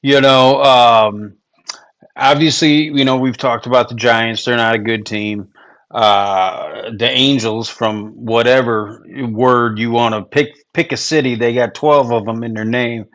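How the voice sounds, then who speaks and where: A podcast co-host on a casual sports show chats in an easygoing way, leaning heavily on fillers like "you know." His medium-pitched voice is fairly bright, with fairly even intonation and a slightly slow pace.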